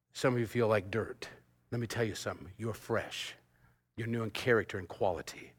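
Animated male preacher, playful and hushed. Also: fairly low pitch, a little fast. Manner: animated preacher, bursts into sung snippets and laughter, drops to hushed tones. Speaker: pastor. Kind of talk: sermon.

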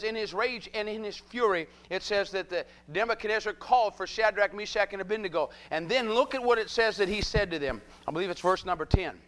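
A man preaching a fervent sermon in a high voice. He calls out to the congregation and expects answers, circling back to the same exclamations. His phrasing is rhythmic and repetitive. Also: a bit bright. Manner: fervent, call-and-response with repeated exclamations.

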